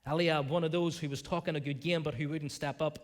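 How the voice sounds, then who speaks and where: A male pastor preaching a sermon in a church, animated, acting out the voices of the people in the scripture. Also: fairly high pitch, brisk, big-room sound. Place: church sanctuary.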